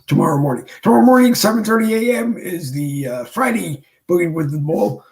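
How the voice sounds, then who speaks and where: A man hosting his own livestream show, talking casually and rambling with many pauses from his home studio desk. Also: high voice, lively intonation, gravelly, low-quality recording. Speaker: show host.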